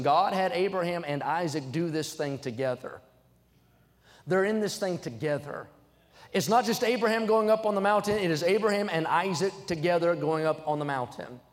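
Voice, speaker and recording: A young man preaching a sermon in a church, emphatic and rising to loud, fervent peaks, reading scripture aloud between his points. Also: a little high, in a large hall. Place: church sanctuary.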